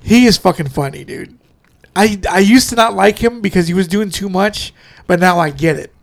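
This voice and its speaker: A man's voice: sits high, moderate pace, creaky. A man hosting a podcast, chatting casually with friends in a profane, rambling way and laughing often. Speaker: podcast host. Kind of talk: casual chat.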